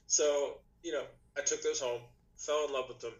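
A man chatting as a podcast guest, telling a long story in a loose, rambling way. He restarts sentences often and leans on fillers. His voice is a little rough today. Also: on the high side, a little fast, low-quality recording. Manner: rambling, many restarts and "you know". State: slightly rough voice, clearing throat. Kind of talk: casual storytelling chat.

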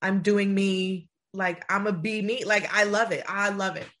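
A young woman in casual chat, animated and laughing often as she talks through tears. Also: medium pitch, unhurried.

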